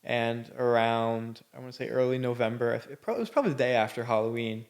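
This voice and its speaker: Gravelly man telling his story bluntly. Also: mid-range voice, brisk. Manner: candid and blunt, with frequent swearing; loose, rambling delivery full of fillers. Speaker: podcast host. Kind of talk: personal storytelling.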